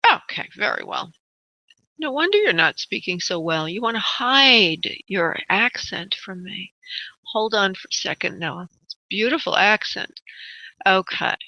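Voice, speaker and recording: A woman's voice: mid-range voice, lively intonation, measured pace, bright, forceful tone, no room sound. A woman hosting a call-in psychic radio show, chatty and rambling, calling callers honey and darling. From United States. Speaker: psychic medium radio host. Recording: dull lo-fi internet radio audio.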